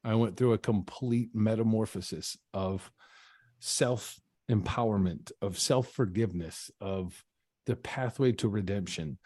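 Here a podcast guest shares his own story in an interview, his lowish voice dark in tone and his pace measured. Earnest throughout, he often breaks off and begins sentences again. It's studio-quality audio with no echo.

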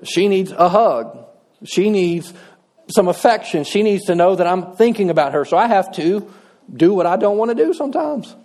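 A man's voice: sits high, animated, normal speed, a little mellow. A middle-aged man, preaching a sermon in a folksy, conversational way with touches of humor. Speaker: pastor.

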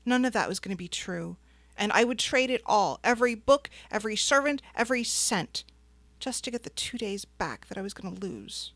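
A woman reading a first-person audiobook in a soft, reflective way. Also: medium pitch, lively intonation, normal speed, no echo. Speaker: narrator.

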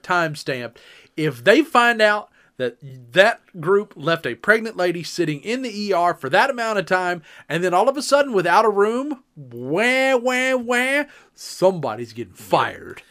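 A man's voice: high-pitched, big pitch swings, moderate pace, bright, forceful tone. A man co-hosting a casual podcast, giving short reactions and musing asides. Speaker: podcast co-host. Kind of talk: casual chat.

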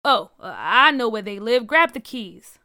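A woman voicing a protective father who speaks in a calm but stern, measured way. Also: a little high, clear, resonant tone, no room sound, studio quality. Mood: urgent.

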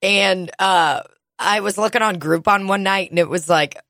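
A woman's voice: mid-range voice, moderate pace, fairly bright tone, no room sound, studio quality. An American woman who does stand-up comedy, chatting casually on a podcast, rambling with lots of fillers. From United States. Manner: rambling, filler-heavy, laughs easily. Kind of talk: casual chat.

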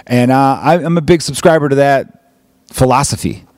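A man's voice: mid-range voice, moderate pace, darkish tone, no room sound, clean studio sound. A man from the United States with a Chicago accent, hosting a podcast in a rambling, profane, joking way. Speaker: podcast host. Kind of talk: casual podcast chat.

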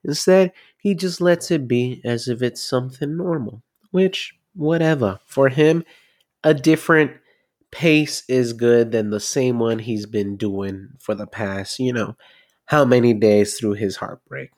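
Dude rambling thru a movie recap, super casual, lots of swearing. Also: male voice, medium pitch, measured pace, a little mellow. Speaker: film recap vlogger.

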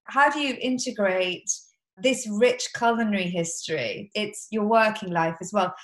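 A woman hosting an interview, gentle and openly emotional as she talks. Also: medium pitch, normal speed. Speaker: podcast host. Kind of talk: casual interview. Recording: roomy echo.

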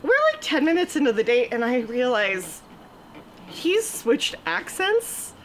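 Her voice sits high and swings widely as she tells a funny story live on stage. She chats along, laughs a lot and acts out the lines people said to her. A faint hiss runs under her voice. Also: very animated, unhurried. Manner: chatty, laughing often, acts out quoted lines. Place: stage before a live audience.

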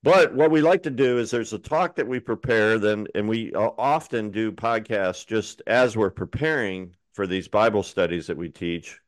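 A man co-hosting a casual podcast chat, relaxed and encouraging, with frequent fillers. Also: on the low side, normal speed, hardly any pauses, no echo, studio quality. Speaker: podcast co-host.

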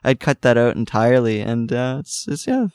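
A man's voice: mid-range voice, expressive, moderate pace, darkish tone, smooth, dry recording, clean studio sound. A young man, a musician guest, chatting casually in an interview, rambling with many fillers and restarts.

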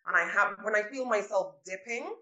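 A woman who is a guest on a podcast, talking in a casual interview and telling animated stories that act out what she said. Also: mid-range voice, normal speed, reverberant, low-quality recording. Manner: animated storytelling, acts out her own past remarks.

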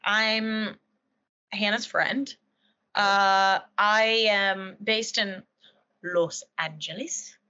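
A woman's voice: mid-range voice, fairly even intonation, extremely slow, pushed and bright, clear, resonant tone. A woman in her twenties co-hosting a casual, joking chat show, often trailing off mid-thought. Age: 20s. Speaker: co-host. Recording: dull lo-fi sound.

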